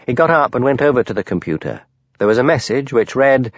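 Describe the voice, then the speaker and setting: A man narrating a mystery audiobook in a measured, expressive storytelling manner. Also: medium pitch, no room sound, lo-fi sound.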